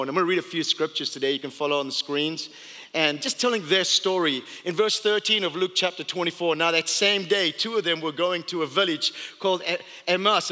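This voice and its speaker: Male pastor, high and bright voice, lively playful storyteller, big hall echo. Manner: animated, playful storytelling with laughs. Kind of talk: storytelling sermon. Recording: long hall reverb.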